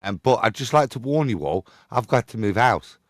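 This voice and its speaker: A man's voice: medium pitch, expressive, fairly quick, no echo, studio quality. A man on a casual panel chat, mocking and sarcastic. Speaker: panel guest.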